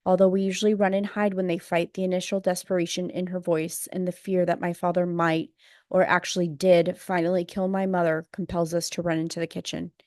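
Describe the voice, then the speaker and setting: A woman with a lowish voice reads a memoir aloud in a measured, subdued way. Her delivery stays flat with little melody. The sound is dry and close, with no room around it. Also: dry recording. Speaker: audiobook narrator. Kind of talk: memoir audiobook narration.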